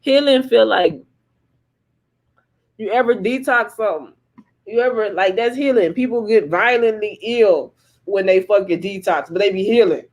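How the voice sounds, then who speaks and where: A woman's voice: medium pitch, measured pace, pauses often. A woman giving a casual tarot reading on a livestream, rambling and profane, laughing often and repeating herself for emphasis. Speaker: tarot reader.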